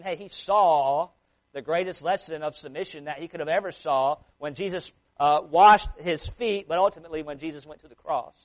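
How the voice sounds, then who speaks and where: A man preaching a sermon, reading scripture aloud slowly and with emphasis, then explaining it in a plain conversational way with frequent restarts. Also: fairly high pitch, poor audio. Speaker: pastor.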